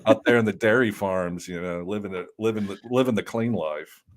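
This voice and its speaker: A man co-hosting a fantasy baseball podcast, jokey and animated, often repeating words as he starts a thought. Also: fairly low pitch, fairly quick. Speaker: podcast co-host. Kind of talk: casual chat.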